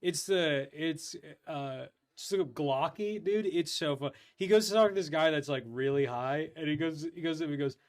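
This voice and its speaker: A man hosting a casual live stream, rambling through stories with lots of restarts. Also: a little high. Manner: rambling, restarts, quick laughs. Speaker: stream host. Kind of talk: casual chat.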